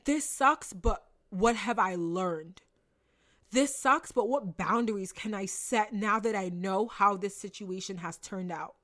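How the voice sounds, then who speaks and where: A young woman giving an earnest, animated motivational talk, casual and repeating phrases for emphasis, swearing now and then. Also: mid-range voice, unhurried, few pauses. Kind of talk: motivational monologue.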